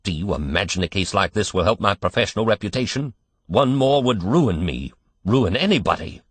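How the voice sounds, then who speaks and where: A man's voice: on the low side, animated, a little fast, slightly rough, dry recording. A man voicing an irritable older family doctor who speaks sharply and indignantly. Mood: irritated.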